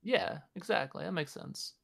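A man's voice: on the high side, lively intonation, moderate pace, gravelly, fairly bright tone. A man on a podcast making blunt, wry remarks in casual chat.

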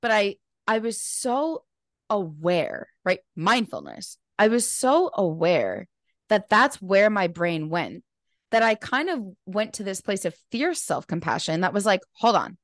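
A woman's voice: medium pitch, sing-song, unhurried, a bit bright, no room sound, studio quality. A woman speaking as a podcast guest and mindfulness teacher, talking earnestly and animatedly with many casual fillers. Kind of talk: casual conversational interview.

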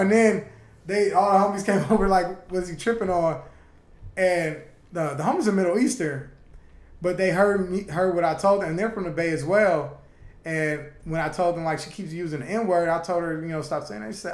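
A man in casual conversation, telling stories in an animated, profane way and laughing often. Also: high-pitched, normal speed, reverberant. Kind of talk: casual chat, storytelling.

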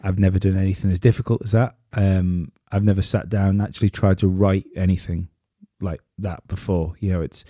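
A man's voice: sits low, steady tone, fairly quick, hardly any pauses, mellow, no room sound, clean studio sound. A man hosting a podcast, telling stories in a rambling way with many restarts. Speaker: podcast host. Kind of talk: casual podcast chat.

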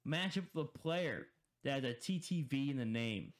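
A man's voice: mid-range voice, expressive, normal speed. A young man co-hosting a casual podcast, telling a story in a rambling way with many repeated words and laughs. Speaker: podcast co-host.

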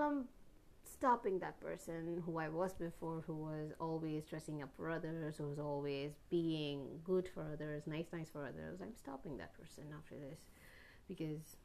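A young woman talking earnestly to the camera about being alone and loving herself, rambling with restarts and occasional sudden loud bursts. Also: low voice, vocal fry, slight background noise. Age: young adult. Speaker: vlogger. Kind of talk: personal reflective monologue.

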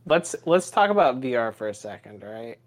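Young man, podcast co-host, rambling profane stories, loud acted-out rants, middle pitch. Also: big pitch swings, fairly quick. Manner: profane, rambling, acts out his own rants loudly. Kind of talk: casual podcast storytelling.

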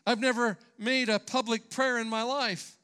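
A man voicing a frightened man fleeing a bull, shouting frantically in a joke told from the pulpit. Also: very high voice, steady tone, moderate pace, smooth, in a large hall, pitched above the performer's own voice. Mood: panicked.

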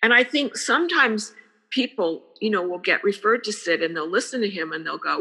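A woman's voice: mid-range voice, expressive, normal speed, bright, forceful tone, husky, long reverb tail. An older woman, a guest in a casual interview, speaking earnestly and repeating phrases for emphasis. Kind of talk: casual conversation.

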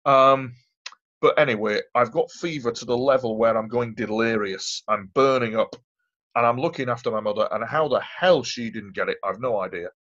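An interview guest tells a long personal story in casual fashion, rambling, emphatic and repeating himself. He's a man with a mid-range, slightly bright voice speaking at normal speed, captured in dull lo-fi audio.

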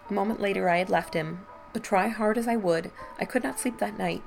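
A woman podcast host reading a Victorian ghost story aloud with measured storytelling. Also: medium pitch, gravelly, soft background music.

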